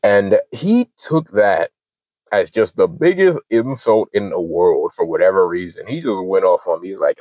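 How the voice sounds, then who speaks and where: Brief: deep-voiced guy in his twenties, casual profane rant, lo-fi dry mic. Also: lively intonation, normal speed, darkish tone, no echo. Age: 20s. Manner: heated, profane, acts out both sides of arguments. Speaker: channel host.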